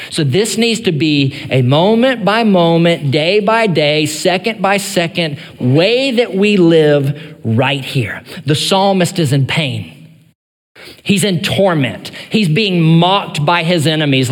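High-voiced pastor preaching in a reverberant church. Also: male voice. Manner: earnest preaching, rising to pleading cries when voicing the psalmist. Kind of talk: sermon.

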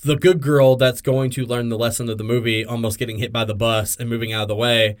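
A man's voice: mid-range voice, level tone, fast. A young man co-hosting a casual chat, telling crude stories and acting out quoted voices. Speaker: podcast co-host.

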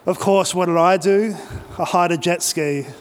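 A man's voice: sits high, steady tone, moderate pace, slight background noise. An Australian man preaching, telling a personal travel story in a conversational way and speaking directly to the audience. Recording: long reverb of a large hall.

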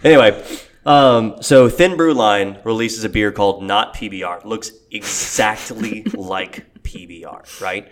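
A young adult man co-hosting a podcast, chatting casually with lots of swearing and jokes, sometimes mimicking people in a high voice. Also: a little slow. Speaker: podcast co-host. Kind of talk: casual banter.

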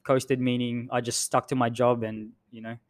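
A man's voice: medium pitch, flat delivery, normal speed. Frank, cursing man from the Philippines. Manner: frank and loose, swearing freely. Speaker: podcast co-host, Navy veteran. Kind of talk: casual chat.

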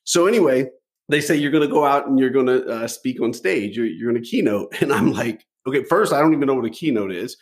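A middle-aged man telling stories from his life as a podcast guest, animated, often repeating a word as he starts a thought. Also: medium pitch, quick pace. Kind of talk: storytelling interview.

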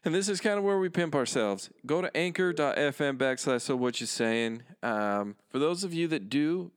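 Laid-back podcast co-host with a smooth voice. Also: male voice, fairly high pitch, lively intonation, normal speed, no room sound, studio quality. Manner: easygoing, laughs often, rambling plugs with fillers. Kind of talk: casual chat and show plugs.

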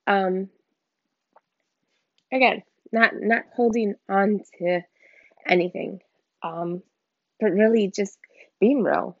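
A woman's voice: mid-range voice, fairly even intonation, slow pace, pauses often, no echo. A woman giving a candid, emotional personal faith testimony in informal, slangy speech. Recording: dull lo-fi dry recording.

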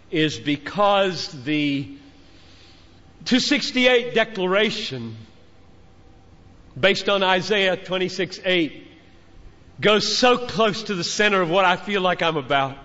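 A man's voice: high voice, expressive, takes it slowly, long pauses, sharp tone. An older man preaching a fervent sermon to a conference crowd, exhorting his listeners and building up phrase by phrase like a father speaking to his children. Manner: fervent, exhorting, repeating phrases with rising intensity. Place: large conference hall. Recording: dull sound with long hall reverb.

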